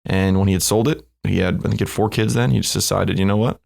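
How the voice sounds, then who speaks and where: An easygoing man with a lower voice, a guest on a casual podcast. He talks through his story in a conversational way, with plenty of fillers. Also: steady tone, fast, creaky, a little mellow. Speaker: podcast guest, company co-founder.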